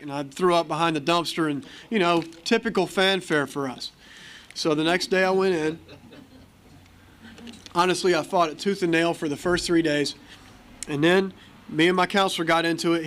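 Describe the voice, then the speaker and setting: A man's voice: fairly high pitch, a bit bright, a little hiss or hum. An American man speaking at a recovery meeting, telling his story candidly and acting out the voices of people in it. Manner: candid storytelling, acts out quoted dialogue. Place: meeting hall.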